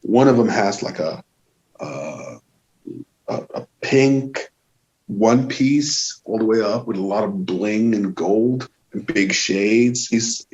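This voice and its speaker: A man with a Swedish accent recounts a tour story in an animated, loose way, cursing freely. His voice sits on the low side. The recording is dull and lo-fi. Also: slow. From Sweden. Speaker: guest musician. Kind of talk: casual storytelling. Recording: dull lo-fi sound.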